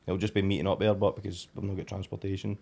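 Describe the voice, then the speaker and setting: A man's voice: low voice, level tone, fast, gravelly, warm tone. A Scottish man co-hosting a podcast, telling rambling stories in broad slang. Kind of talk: casual chat.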